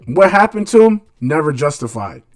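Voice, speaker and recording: A man's voice: on the high side, big pitch swings, moderate pace, no echo, clean studio sound, soft background music. A man hosting a radio show, delivering a blunt casual monologue in street slang full of rhetorical questions.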